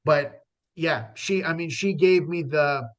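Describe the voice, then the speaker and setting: A man's voice: fairly high pitch, slow pace, fairly bright tone. A man, a stand-up comedian, talking earnestly in a casual conversation, with frequent restarts and fillers.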